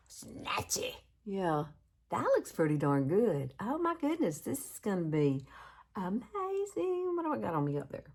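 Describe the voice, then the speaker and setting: Southern lady in her 50s, deep voice with some fry, chatty makeup tutorial, laughs at herself. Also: a little mellow. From Alabama, US. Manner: chatty, self-teasing, laughs often. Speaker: beauty vlogger.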